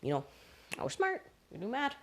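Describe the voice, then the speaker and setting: Woman rambling her way thru a fake standup bit, kinda high voice, keeps backtracking. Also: huge pitch swings, a little fast. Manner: rambling, self-correcting, jokey, pitch swinging up and down. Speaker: solo comedic rambler. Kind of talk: rambling mock stand-up monologue.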